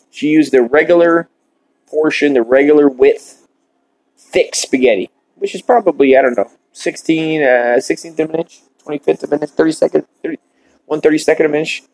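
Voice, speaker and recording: A man hosting a podcast, delivering a shock-comedy monologue in a deadpan, mock-earnest rant while smoking. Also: on the high side, husky, poor audio. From Ireland. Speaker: podcast host.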